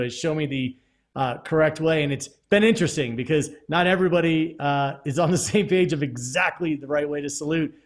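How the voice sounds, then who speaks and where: A man hosting an interview, talking in a relaxed, conversational way. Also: fairly high pitch. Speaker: interview host. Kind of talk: casual interview.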